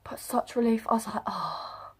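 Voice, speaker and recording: A woman's voice: a little high, normal speed. A young woman, chatting casually to camera as she retells an experience. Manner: chatty, animated retelling with quoted voices. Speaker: vlogger. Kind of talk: casual storytelling vlog.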